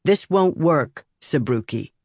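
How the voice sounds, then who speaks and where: Narrator as a stern, sharp-tongued woman innkeeper in an audiobook, dry close sound. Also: medium pitch, expressive, moderate pace, breathy edge, no echo. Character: stern woman innkeeper guarding her home.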